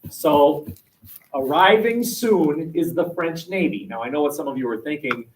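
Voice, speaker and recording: Animated jokey history teacher. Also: male voice, on the high side, normal speed, a little hiss or hum. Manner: jokey, acts out quotes, many fillers. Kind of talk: lively classroom lecture. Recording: voice from far off the mic in a classroom.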